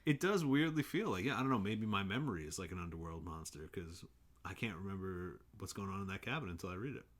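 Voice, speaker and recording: A man co-hosting a podcast, chatting casually about a book and breaking into playful shouted impressions. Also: deep voice, lively intonation, quick pace. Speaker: podcast co-host.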